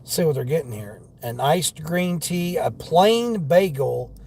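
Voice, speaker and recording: A man's voice: on the high side, animated, slow pace, vocal fry, a little mellow, a little hiss or hum, poor audio. A man with a Southern accent chatting casually with his livestream viewers while driving for deliveries, rambling from one story to the next. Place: inside a car.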